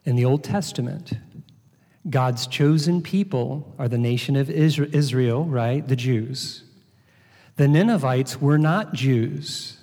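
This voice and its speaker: A man preaches an earnest sermon at an unhurried, deliberate pace, often repeating his words as he teaches. His voice is mellow and dark. The recording carries a long hall reverb. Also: medium pitch.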